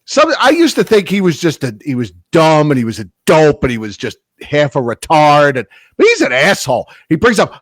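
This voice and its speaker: Sarcastic high-voiced New York man. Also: wildly swooping pitch, normal speed, few pauses, dry recording. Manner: sarcastic ranting, laughs often. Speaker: podcast co-host. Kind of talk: casual sports chat.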